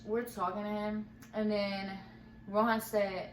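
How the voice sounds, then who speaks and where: A young woman casually telling a storytime, rambling and animated, acting out what people said, full of slang. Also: mid-range voice, unhurried, echoey room, a little hiss or hum. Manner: rambling, animated retelling with quoted dialogue and slang.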